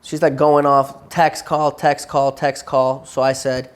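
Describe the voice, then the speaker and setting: Man, therapy session, rambling storyteller, burnt out, casual, mid pitch. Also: level tone, a little slow, few pauses. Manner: rambling, repeats himself, acts out quotes. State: burnt out and tired.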